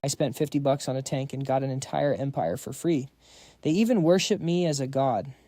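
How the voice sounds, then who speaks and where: Mellow, dry-voiced male story narrator. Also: medium pitch, fairly quick, no echo. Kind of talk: scripted story recap narration.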